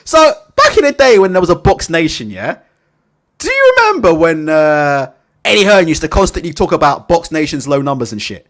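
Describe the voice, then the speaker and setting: A man's voice: on the high side, wildly swooping pitch, moderate pace, a bit bright. A man hosting a boxing channel, giving casual opinion commentary that is full of rhetorical tag questions, casual swearing and laughter at his own jokes. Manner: rhetorical, keeps tagging questions like "innit?" and "right?". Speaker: boxing YouTube channel host.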